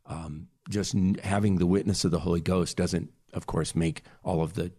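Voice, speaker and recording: A man guest telling a personal story in a hesitant way, pausing and searching for words. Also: sits low, steady tone, warm tone, slightly rough. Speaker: interview guest.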